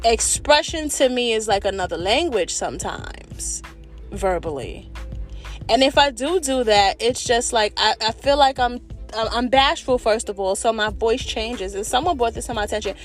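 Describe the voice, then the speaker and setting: An expressive woman talks straight to her viewers in a candid monologue, her voice sitting fairly high. She speaks in an animated, slangy way with the odd curse word. Soft music plays faintly underneath. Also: moderate pace. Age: adult with children. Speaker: vlogger.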